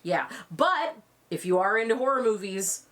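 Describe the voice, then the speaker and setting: A woman's voice: mid-range voice, very animated, moderate pace, a bit bright. Enthusiastic woman co-hosting a review. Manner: enthusiastic, agreeing, speaks to listeners directly. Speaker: podcast co-host reviewing films. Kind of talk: casual chat.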